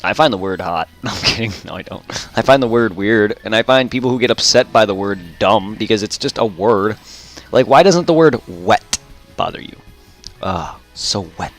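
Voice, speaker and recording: A man's voice: on the low side, a little fast, soft background music. Rambling male game streamer. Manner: rambling, repeats himself, laughs often. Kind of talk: casual chat while gaming.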